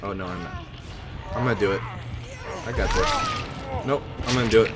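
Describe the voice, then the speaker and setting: A man's voice: lowish voice, fast, over loud music. A young man commenting on his own game as he plays it, easily spooked and breaking into panicky yelps. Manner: jumpy, panicky reactions with sudden yelps. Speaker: gaming channel host. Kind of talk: let's play commentary.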